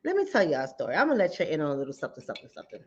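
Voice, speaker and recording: A woman hosting a channel, telling a personal story in animated, direct talk to ladies and fellas. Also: low-pitched, very fast, breathy edge. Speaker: relationship coach and channel host. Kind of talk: casual talk-to-camera commentary. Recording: dull lo-fi sound.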